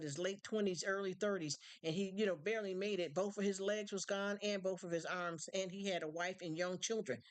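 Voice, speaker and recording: Streamer, woman; loose rambling chat, repeats words when worked up. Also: medium pitch. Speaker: live stream host. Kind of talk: casual chat.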